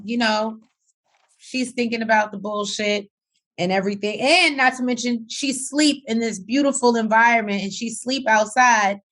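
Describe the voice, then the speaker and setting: A woman co-hosting a casual reality TV recap, telling the story with acted-out quotes and plenty of swearing. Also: mid-range voice. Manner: animated storytelling, acts out quotes, swears freely. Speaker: podcast co-host.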